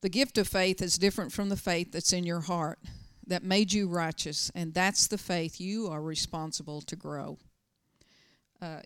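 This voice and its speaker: A middle-aged woman pastor with a low, clear, resonant voice preaches a sermon in clean studio sound with no room noise. She tells personal stories punctuated by emphatic, urgent bursts.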